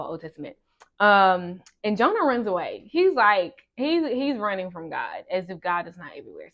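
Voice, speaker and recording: Young girl doing a storytime vlog, super animated, kinda lo-fi sound. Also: lowish voice. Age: young adult. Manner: animated, dramatic swings between loud exclamations and soft asides. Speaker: vlogger.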